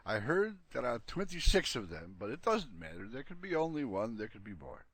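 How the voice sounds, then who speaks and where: A man's voice: mid-range voice, big pitch swings, brisk, fairly bright tone, husky, no room sound. A man voicing a cheerful, unflappable old man with a breezy, matter-of-fact way of talking.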